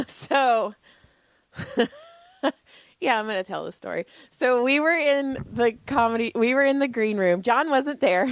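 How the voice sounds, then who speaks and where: A woman co-hosting a podcast who tells stories in a casual, animated way, laughing often and swearing freely. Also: on the high side, a little slow, pauses often, no room sound. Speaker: podcast co-host. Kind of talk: casual chat.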